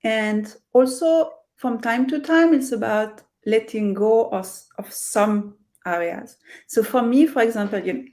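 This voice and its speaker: A woman's voice: on the high side, a little slow, a little mellow. A middle-aged woman with a French accent, a career coach speaking earnestly and reflectively in an interview over a video call, with many fillers and restarts. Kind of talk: interview conversation.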